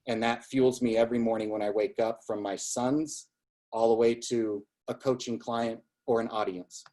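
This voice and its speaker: A man's voice: mid-range voice, fairly even intonation, normal speed, mellow. A man speaking as a guest business coach, giving an emphatic motivational talk with a repetitive, storytelling manner.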